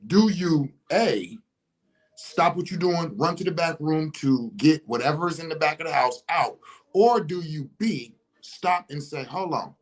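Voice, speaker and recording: Husky, fairly high-voiced man telling stories. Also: unhurried, rough recording. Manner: animated storyteller acting out scenarios, rhetorical questions. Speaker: commentator. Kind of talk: casual monologue.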